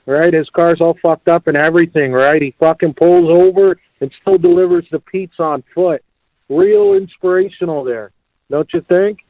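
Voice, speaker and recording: A man's voice: a little high, normal speed, no room sound. A man calling in to a talk show, crude and sarcastic, heard over a phone line. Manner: crude, sarcastic, calls the host "Chief". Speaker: caller. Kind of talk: call-in chat.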